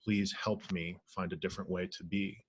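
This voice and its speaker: A man who teaches spirituality, leading an online healing circle in a gentle, reflective way, pausing often on fillers. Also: sits low, flat delivery, husky. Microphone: video call.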